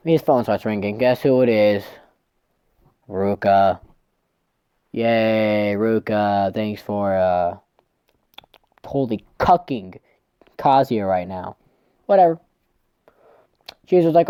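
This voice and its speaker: A man walking through a manga chapter in a loose, unscripted way, swearing casually and stumbling over his words as he goes. His voice is mellow and soft-edged, recorded close and dry. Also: mid-range voice, takes it slowly, pauses often, smooth, no echo. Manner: rambling, profane, trips over words. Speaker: manga reviewer.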